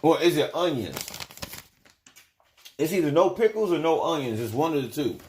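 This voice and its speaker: Man, slightly high voice, loose and rambling, swears freely, casual livestream chat. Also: lively intonation, moderate pace, darkish tone, slight background noise. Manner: loose, rambling, profane storytelling. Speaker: livestream host and spiritual teacher.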